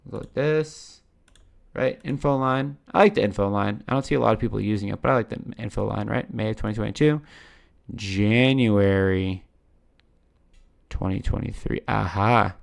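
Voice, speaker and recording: A man's voice: fairly low pitch, normal speed. A man with a Canadian accent hosting a crypto channel, talking casually over his screen and tagging "right?" onto nearly every point. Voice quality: gravelly. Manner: chatty, says "right?" constantly, swears casually. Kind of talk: casual screen-share commentary.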